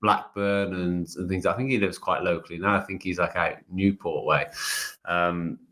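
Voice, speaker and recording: A British man with a very low voice, chatting easily on a podcast. He tells loose, rambling stories and drops "mate" into his sentences. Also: moderate pace. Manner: relaxed storytelling, says "mate" often. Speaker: podcast co-host, ex-footballer. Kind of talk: casual chat.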